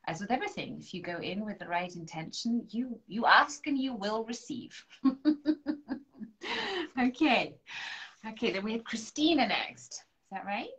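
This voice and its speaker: A woman, a spiritual coach, doing a live-stream angel card reading, gently encouraging viewers and leading affirmations aloud. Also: medium pitch, animated, normal speed, lo-fi sound.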